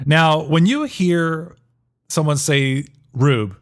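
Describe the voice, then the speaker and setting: An American man co-hosts a casual movie podcast, excitable and rambling, tripping over repeated words. His voice sits somewhat high. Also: slow. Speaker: podcast co-host.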